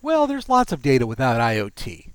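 A man's voice: medium pitch, wildly swooping pitch, fairly quick. A man hosting a casual tech podcast, talking in a wry, joking way. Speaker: podcast host.

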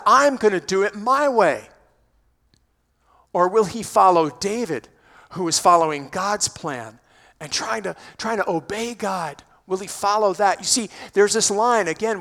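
A man preaching a sermon in a church, expressive, building to emphatic peaks. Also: sits high. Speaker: pastor. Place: church sanctuary.

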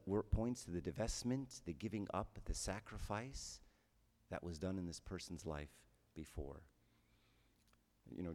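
A man's voice: sits low, darkish tone, in a large hall. A man giving a conversational homily as a priest, often checking in with his listeners with "right?".

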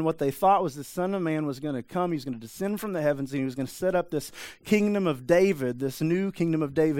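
A man's voice: a little high, no echo, studio quality. A man preaching a sermon in a conversational way, often adding asides and checking in with the listeners. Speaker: pastor.

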